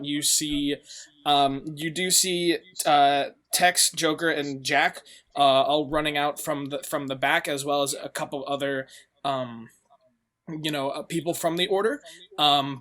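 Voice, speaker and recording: A man's voice: fairly high pitch, fairly bright tone. A man narrating a tabletop game as game master, rambling with many fillers.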